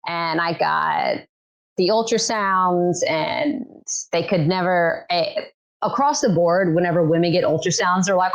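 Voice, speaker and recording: On a laid-back podcast, a young guest who works as a birth keeper recounts a personal story in a lowish, gravelly voice at a measured pace. Her storytelling is animated, with quoted voices acted out. The sound is lo-fi.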